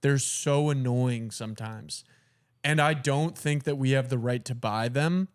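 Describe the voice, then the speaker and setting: A man's voice: medium pitch, a little slow, clear, resonant tone, no echo. A young man co-hosting a podcast, joking crudely and riffing with put-on quotes. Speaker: podcast co-host. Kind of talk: casual comedic chat.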